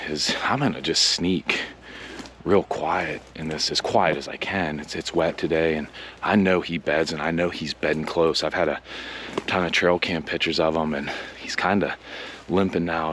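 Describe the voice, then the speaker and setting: A man, a professional hunter, filming himself outdoors in wet woods and narrating in a low, hushed voice with halting restarts. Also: a little hiss or hum. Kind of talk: self-filmed hunting narration.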